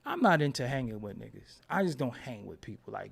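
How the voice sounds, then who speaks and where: A man's voice: medium pitch, fairly quick, creaky, slightly rough. A man in a casual, profane rant, talking emphatically and repeating himself when heated. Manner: animated, emphatic, swears freely, repeats words when heated.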